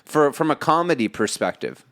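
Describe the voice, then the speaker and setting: A man's voice: a little high, very animated, moderate pace, a bit bright. A man co-hosting a podcast in casual chat, rambling and laughing, often slipping into movie lines. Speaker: podcast co-host. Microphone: remote call.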